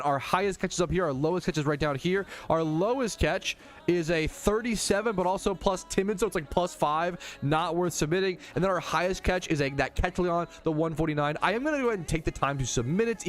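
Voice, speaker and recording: A young man streaming a game, chatting casually, swearing freely and reading out chat messages. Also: a little high. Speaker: gaming streamer. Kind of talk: casual livestream commentary.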